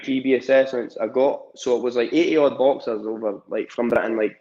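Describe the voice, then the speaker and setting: A man's voice: medium pitch, steady tone, brisk, warm tone, muffled recording. Young Scottish man, rambling chat. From Scotland. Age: young adult. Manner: rambling, many fillers and restarts. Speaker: amateur boxer, guest. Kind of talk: casual interview chat.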